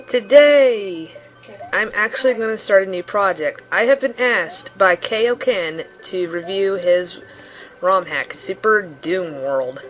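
A young woman commenting on her own gameplay, excitable, yelping and laughing at the game. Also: mid-range voice, takes it slowly, faint music behind, rough recording. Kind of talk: let's play commentary.

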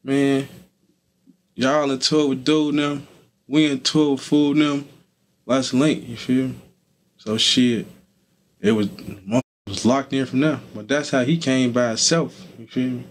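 A man's voice: medium pitch, fairly even intonation, a little slow, long pauses, slight background noise. A young adult man, a guest in an interview, talking loosely with lots of fillers. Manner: laid-back, loose, with many fillers like "you feel me". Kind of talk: casual street interview talk.

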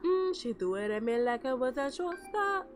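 A young woman with a slightly high, sing-song voice chats at a moderate pace as a gameplay commentator, calling her viewers "y'all." Soft music plays behind her casual game commentary.

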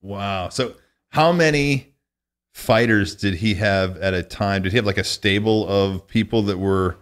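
A man's voice: fairly low pitch, a little slow. A man hosting a podcast interview, asking curious, probing questions. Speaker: podcast host.

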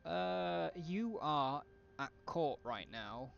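A man's voice: a little high, animated, extremely slow, creaky, dull audio, slight background noise. A man thinking aloud with wry asides as he streams a strategy game live.

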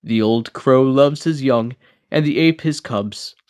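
A man reading an old philosophical book aloud as an amateur audiobook, steady with small slips and restarts. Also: mid-range voice, slow, clear, resonant tone. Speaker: audiobook reader.

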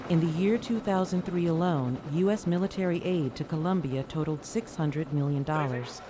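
A narrator reading a scripted documentary in an even, measured way. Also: mid-range voice, a crowd in the background. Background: music.

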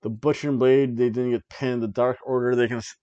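A man hosting a wrestling review podcast, chatting casually through a match recap, laughing often and filling pauses with ums. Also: medium pitch, flat delivery, mellow, dry recording, dull audio.

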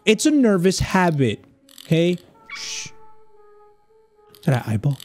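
Gamer guy for horror playthroughs, high and animated delivery, jittery and rambling. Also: a little slow, soft background music. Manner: jittery, rambling nervous chatter; nervous laughs. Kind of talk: horror game commentary.

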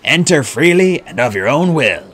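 A man's voice: mid-range voice, very animated, quick pace, a bit bright. A man voicing a cheerful, easygoing immortal showman with a breezy manner.

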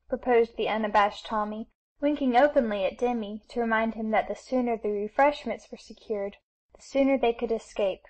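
A woman narrating a classic novel as an audiobook reader, in a steady storytelling manner. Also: fairly high pitch, normal speed, rough recording.

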